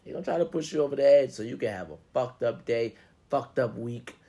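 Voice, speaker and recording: A man's voice: mid-range voice, animated, a little fast, mellow. A man giving a casual, profane pep talk to listeners, swearing freely and acting out grumbling inner voices. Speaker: motivational talker.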